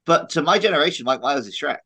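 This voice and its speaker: A man's voice: on the high side, expressive, fast talker, sharp tone, low-quality recording. Chatty guy on a podcast, laughs a lot, says like a lot. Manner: chatty, laughs often, uses "like". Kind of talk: casual chat.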